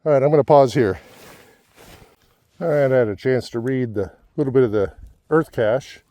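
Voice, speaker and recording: A man out of breath on a steep desert trail talks to the camera as he climbs. His voice is mellow and his tone is easygoing and self-mocking. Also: medium pitch, moderate pace, no echo, dull audio. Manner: chatty, self-deprecating. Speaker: vlogger. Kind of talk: casual hiking vlog. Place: outdoors on a desert hiking trail.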